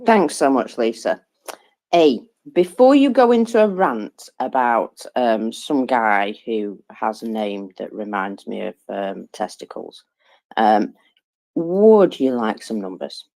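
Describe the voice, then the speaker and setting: A woman's voice: a bass voice, lively intonation, slow, dark tone. A woman with an English accent, co-hosting an online audio chat and reading out daily figures in a chatty, self-deprecating way. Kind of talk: casual chat.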